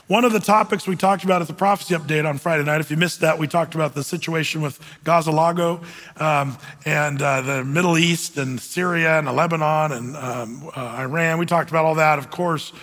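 A man with a high voice preaches in a casual, conversational way. He slips into sarcastic mock voices to poke fun at gullible believers. His words ring out with a long reverb through a church sanctuary. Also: fairly even intonation, a little fast, fairly bright tone. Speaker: pastor. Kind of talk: sermon.

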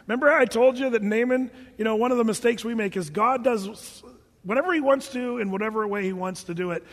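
Guy preaching a sermon, high voice, lots of echo from a big hall, animated and emphatic. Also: quick pace. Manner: animated, emphatic, repeats words while thinking. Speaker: pastor.

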